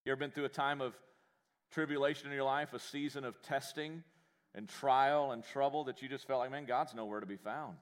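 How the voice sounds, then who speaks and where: A man preaching a sermon in a church, folksy and joking, with animated delivery. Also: mid-range voice, a little fast. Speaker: pastor.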